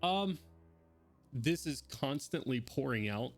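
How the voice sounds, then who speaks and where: A man running a tabletop game as game master, brisk and orderly as he calls turns and rolls. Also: mid-range voice, expressive, soft background music.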